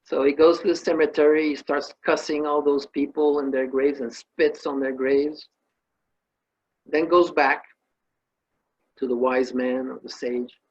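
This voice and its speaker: A man's voice: fairly high pitch, steady tone, unhurried, breathy edge, dull audio. A man giving an emphatic spiritual talk, telling a parable and listing emotions with rising force. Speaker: spiritual teacher.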